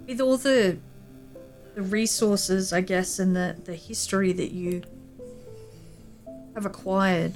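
A woman playing in a tabletop game, speaking politely and hesitantly, filling her pauses. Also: mid-range voice, fairly even intonation, darkish tone, faint music behind. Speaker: player. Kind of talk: in-character tabletop play.

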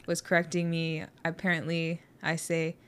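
A woman's voice: deep voice, completely flat delivery, normal speed, clear, resonant tone. A woman in casual podcast chat, playful and self-deprecating as she sounds out words.

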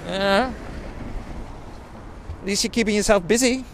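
A man's voice: sits high, unhurried, a little hiss or hum. A man, telling a rambling personal story in a sweary, self-mocking way. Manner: sweary, self-mocking, digressive, with quoted put-on voices.

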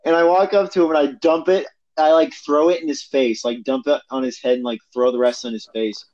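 A man's voice: on the high side, steady tone, brisk, darkish tone, highs cut off. A man chatting casually, blunt and mocking, often laughing. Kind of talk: casual chat.

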